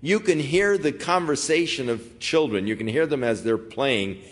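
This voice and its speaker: Folksy preacher with a lively voice. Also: male voice, medium pitch, moderate pace. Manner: conversational, folksy asides. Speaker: pastor. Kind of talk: expository sermon.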